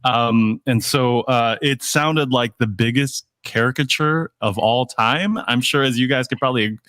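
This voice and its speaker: A man's voice: mid-range voice, a little slow, a bit bright, no echo. Rambling man guest on a dry line. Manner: rambling, many fillers and repeated yeahs. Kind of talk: casual video-call interview.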